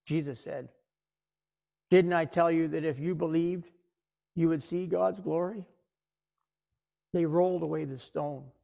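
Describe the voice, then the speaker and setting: Man, pastor, sermon, higher-pitched voice, dramatic retelling, middle-aged. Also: steady tone, a little slow, gravelly, long pauses, lo-fi sound.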